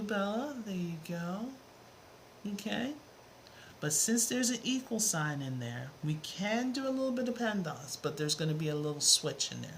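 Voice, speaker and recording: Woman math teacher on a live stream, chatty and playful, greets viewers by name, faint room hum behind. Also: medium pitch. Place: home room with a fan running.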